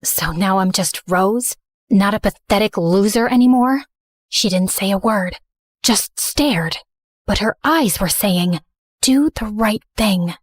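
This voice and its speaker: A woman narrating in first person as a remorseful, misunderstood teenage girl, earnest and soft. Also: mid-range voice, slow, dry recording, studio quality. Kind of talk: scripted story narration.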